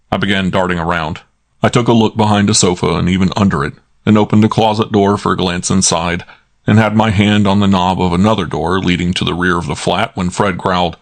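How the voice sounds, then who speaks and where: A male audiobook narrator reading first-person crime fiction, brisk and wry. His voice sits low, and the reading moves along steadily. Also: steady tone.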